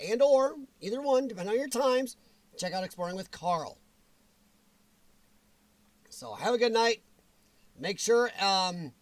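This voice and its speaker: Chatty man hosting a livestream, higher voice. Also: no room sound. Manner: chatty, greets viewers by name, laughs often. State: strained, weakened voice. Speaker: livestream host. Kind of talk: casual chat.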